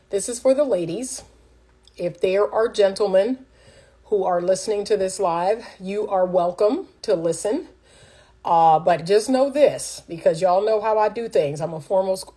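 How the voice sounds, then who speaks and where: A woman's voice: medium pitch, moderate pace, mellow. A middle-aged woman coaching on relationships in a casual livestream, speaking directly and like a teacher to her viewers. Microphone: phone livestream.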